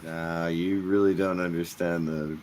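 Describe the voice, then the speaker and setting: A man's voice: low voice, flat delivery, measured pace, a crowd in the background. A man hosting a livestream, chatting casually with friends in a joking, teasing way and often laughing. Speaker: livestream host. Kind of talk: casual group chat on a livestream.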